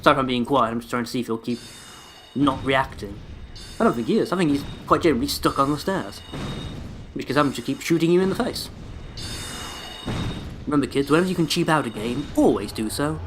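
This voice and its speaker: A man's voice: medium pitch, brisk, pauses often, over music. A man giving sarcastic, sweary running commentary while he plays a video game. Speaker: let's play host. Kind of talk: gameplay commentary.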